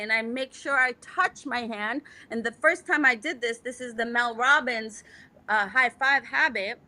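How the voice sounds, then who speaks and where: Bright, high-voiced motivational woman. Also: unhurried. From Afghanistan. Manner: passionate and motivational, repeats phrases for emphasis. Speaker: interview guest. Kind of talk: candid conversational interview.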